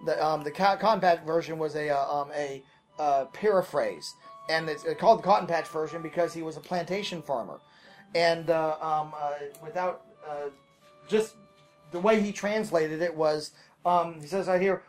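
A man's voice: a little high, normal speed, faint music behind. A man leading a casual Bible study, reading scripture aloud and breaking off to explain, with many fillers and restarts.

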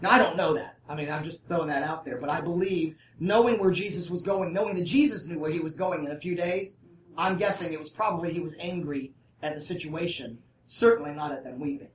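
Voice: medium pitch, brisk, slight background noise. Conversational Bible teacher, distant and roomy. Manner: reads scripture aloud, then breaks off to explain casually; often checks in with listeners.

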